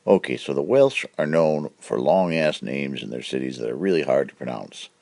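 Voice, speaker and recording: Deep-voiced brash comedy host. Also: male voice, lively intonation, normal speed, gravelly, background noise. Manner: brash, punchy joke delivery with put-on voices. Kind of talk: joke-telling comedy monologue.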